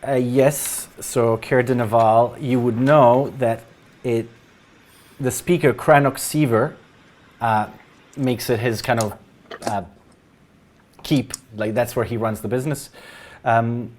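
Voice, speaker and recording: A man narrating as game master of a tabletop role-playing game, explaining in an unhurried way. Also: medium pitch, a little mellow.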